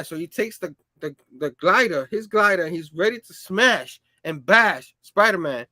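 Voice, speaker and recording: A man with a high voice hosts a casual comic book review, rambling through the plot with lots of fillers and hummed sound effects. His voice sounds dry and close to the mic. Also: expressive, moderate pace, few pauses, sharp tone, dry recording.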